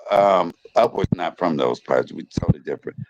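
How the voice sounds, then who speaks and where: A middle-aged man hosts a casual livestream in a low, fairly quick voice, the noisy online audio sounding muffled. He comes across as earnest and repetitive, frequently stopping someone with "hold up".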